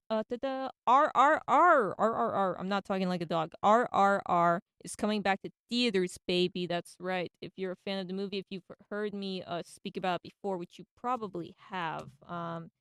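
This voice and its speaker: Woman radio host rambling excitedly, smooth clear voice, dry sound. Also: fairly low pitch, dry recording. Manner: enthusiastic and slangy. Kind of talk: casual radio monologue.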